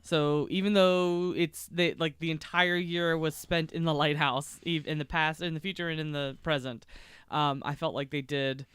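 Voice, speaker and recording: A woman co-hosting a casual chat, sleepy and yawning, chatty and quick to laugh with lots of restarts. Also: deep voice, fairly even intonation, clear, resonant tone, no room sound. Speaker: co-host. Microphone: streaming mic at a table.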